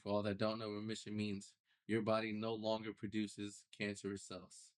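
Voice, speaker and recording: A young man, a podcast guest, telling his personal story in a casual, animated way with loose slang. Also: lowish voice, moderate pace, clean tone. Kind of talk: storytelling interview.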